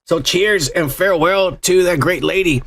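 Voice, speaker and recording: A man's voice: high voice, normal speed, fairly bright tone. A man hosting a podcast in crude, profane casual chat, reading listener comments aloud and joking with his co-host.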